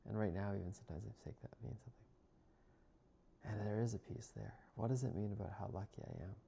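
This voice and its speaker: A man speaking as a spiritual healer in a slow, soft, reflective monologue, often drifting into a whisper. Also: fairly low pitch, vocal fry, slight background noise.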